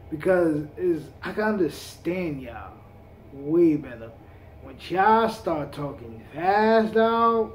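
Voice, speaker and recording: A man's voice: high-pitched, slight background noise. A man hosting a reaction video, chatting casually in heavy street slang with a laid-back drawl.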